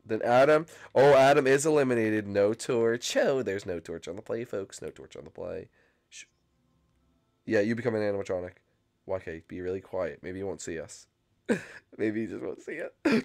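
A young man doing excited, frantic gameplay commentary as a channel host, often yelping and screaming when chased. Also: lowish voice, normal speed.

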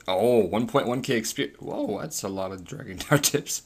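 A man's voice: fairly low pitch, lively intonation, moderate pace, husky. A man giving casual, rambling gameplay commentary to his viewers, swearing freely as he plays. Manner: rambling, profane, talks to viewers while playing. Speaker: gaming channel host.

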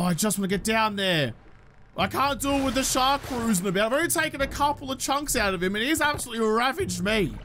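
A man's voice: high voice, fairly bright tone, slight background noise. A man giving chatty, self-mocking solo gameplay commentary, swearing now and then. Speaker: gaming YouTuber.

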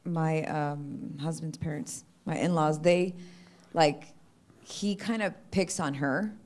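A woman's voice: sits low, fairly even intonation, takes it slowly, a little mellow. A woman in a church gathering asking the pastor a question, hesitant and full of restarts.

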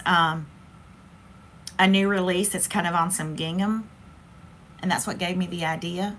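A woman's voice: medium pitch, fairly bright tone, slight background noise. A woman hosts a casual crafting livestream, chatty and playful, talking straight to her viewers.

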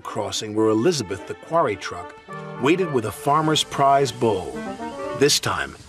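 A man narrating a children's cartoon in a lively, expressive storytelling manner. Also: medium pitch, a little slow, music in the background.

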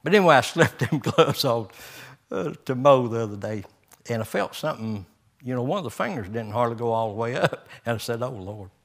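A man's voice: mid-range voice, expressive, a little fast. An older man, a pastor preaching a folksy sermon with homespun stories, chuckles and rising emphasis.

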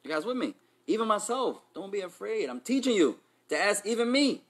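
Bright-voiced teacher, playful. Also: male voice, high-pitched, big pitch swings, a little fast, breathy edge. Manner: switches between Arabic and English, quizzes students; playful, street slang mixed in. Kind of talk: Islamic class lesson.

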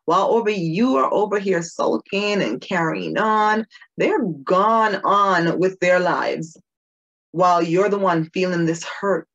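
Earnest woman with a lowish voice. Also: unhurried, fairly bright tone, muffled recording. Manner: earnest, emphatic, repeats phrases for stress. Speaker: Christian video host. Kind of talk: personal devotional talk.

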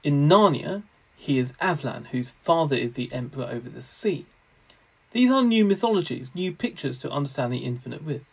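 A man lecturing on theology in a measured, scholarly way, with the odd wry aside. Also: fairly high pitch, animated, creaky, husky, low-quality recording.

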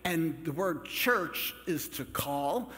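A man's voice: a little high, animated, takes it slowly, fairly bright tone. Male priest preaching in an echoing church. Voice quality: conversational, joking asides to the congregation. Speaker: Catholic priest. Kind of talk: sermon. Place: large church. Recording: long church reverb.

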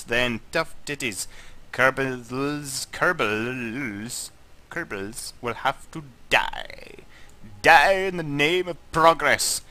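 A Scottish man, drunk, giving rambling, excitable let's play commentary as a gaming channel host and swearing a lot. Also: mid-range voice.

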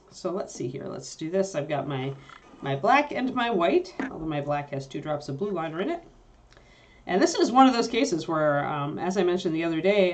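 A woman with a low voice talks through a painting lesson as she works. She chats easily, often pausing on fillers to think while she mixes colors at her painting desk. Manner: chatty, thinks aloud with fillers while working. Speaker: miniature painting instructor. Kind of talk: casual painting tutorial.

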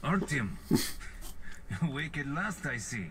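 A calm, gruff survivor elder. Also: male voice, a little high, takes it slowly, exaggerated voice. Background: game music.

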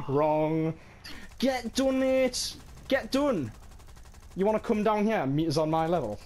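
A young man playing a flight combat game with friends, trash-talking loudly, laughing and yelping in excited banter. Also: high-pitched, slow pace, slight background noise. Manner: loud, laughing, trash-talking, yelps and shouts. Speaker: gamer streaming with friends.

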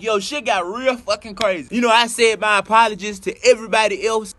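A young man vlogging a comedic storytime, heavy on cursing and acting out his own inner voice in animated asides. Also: high voice. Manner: profane, animated, talks to himself in quoted asides.

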